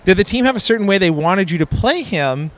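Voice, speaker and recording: Male interviewer, slightly higher pitch, eager fan energy, convention setting. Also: expressive, brisk.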